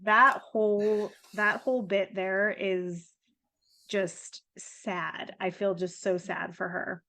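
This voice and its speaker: A woman's voice: medium pitch, steady tone, slow, pushed and bright. A woman co-hosting a podcast, talking thoughtfully and with empathy about a horror film in a casual chat. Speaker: podcast co-host. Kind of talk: casual movie discussion.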